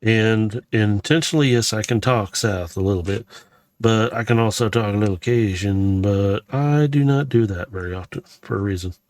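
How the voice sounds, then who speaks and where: A man's voice: lowish voice, normal speed, darkish tone. A man from Missouri chatting casually and rambling a little as he narrates a Lego build for his channel. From Missouri, USA. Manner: rambling and chatty, with frequent fillers and self-corrections. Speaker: vlogger building a Lego set. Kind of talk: casual running commentary while building.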